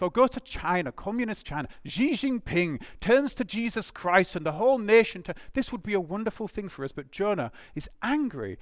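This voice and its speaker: Guy preaching a sermon, voice swings up and down a lot, kinda higher pitched, dry close sound. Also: a little fast, few pauses, no room sound. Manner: animated, emphatic, with restarts and rhetorical questions.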